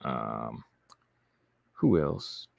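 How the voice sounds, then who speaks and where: A man's voice: extremely low pitch, very animated, very slow, gravelly, darkish tone, dry recording, studio quality. A man hosting a casual livestream, reading viewer comments aloud and answering them in a laid-back way. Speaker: livestream host reading chat.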